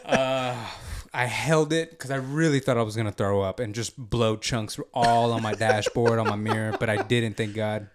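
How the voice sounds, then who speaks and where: A man with a mid-pitched, everyday voice tells a loose, slangy story. He talks casually and laughs often along the way. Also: fairly even intonation, moderate pace, few pauses, slight background noise. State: driving while talking. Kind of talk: casual chat.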